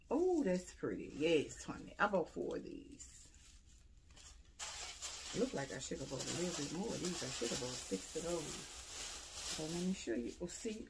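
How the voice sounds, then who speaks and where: A woman showing off holiday decorations she bought, talking casually and excitedly straight to her viewers. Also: lowish voice, creaky, noisy background. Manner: enthusiastic, addresses viewers directly, exclaims over items. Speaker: home decor vlogger. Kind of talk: casual haul show-and-tell.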